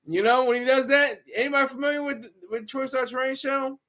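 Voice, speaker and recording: High-voiced man rambling casually. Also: steady tone, brisk, bright, forceful tone. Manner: rambling, frequent restarts and laughs. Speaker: show regular.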